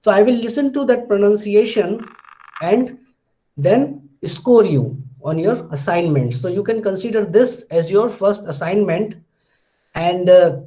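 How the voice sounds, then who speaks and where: A man talks through a pronunciation lesson and says sample words slowly again and again. His voice sits high but sounds dark and mellow. The recording is muffled and lo-fi. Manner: explanatory, repeats words slowly for students. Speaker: teacher.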